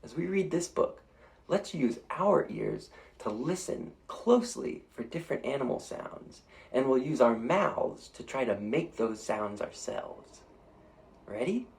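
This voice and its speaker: A man's voice: medium pitch, very animated, a little slow, creaky, a little mellow. A man reading a picture book aloud to children, playfully inviting them to make animal sounds along with him. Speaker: storytime reader.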